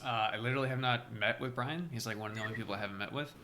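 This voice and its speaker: A man playing a voice-chat deduction game, defending himself in a quick, incredulous way. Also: medium pitch. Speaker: player. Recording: loud background noise on voice chat.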